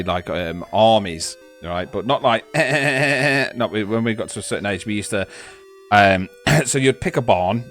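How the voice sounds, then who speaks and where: A man's voice: on the low side, fairly bright tone. Laughing, rambling man telling stories. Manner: rambling, laughing, swearing storyteller. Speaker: podcast co-host. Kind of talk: casual storytelling chat.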